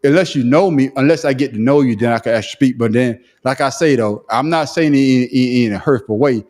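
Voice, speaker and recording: A man with a country Southern accent, co-hosting a casual podcast chat, talking in a profane, animated, self-mocking way with frequent laughter. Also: medium pitch, a little fast. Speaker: podcast co-host. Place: remote call.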